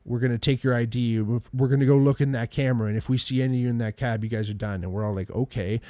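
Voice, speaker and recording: Male podcast guest, animated storyteller, mid pitch, dry close sound. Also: racing, dry recording. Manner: animated storyteller, acts out quotes, swears a lot, laughs often. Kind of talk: casual storytelling.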